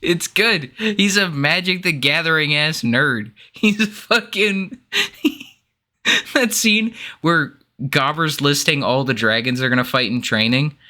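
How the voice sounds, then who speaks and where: A man co-hosting a casual podcast chat, crisp bright voice, quick to laugh and swear, animated delivery. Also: a little high. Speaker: podcast co-host.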